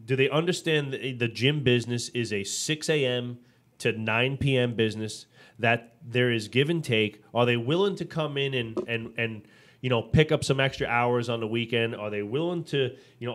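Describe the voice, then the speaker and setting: A man co-hosting a business podcast in a loose, conversational way. He tells stories with energy, slips into acted-out quotes and stumbles through restarts as he goes. His pitch sits in an ordinary middle range. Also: normal speed. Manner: animated storytelling, acts out quotes; frequent restarts and fillers. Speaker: podcast co-host. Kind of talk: casual business podcast chat.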